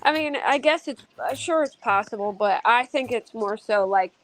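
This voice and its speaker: A woman's voice: a little high, animated, normal speed, rough recording. A woman hosting a casual true-crime panel chat, talking loosely with many fillers. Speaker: host.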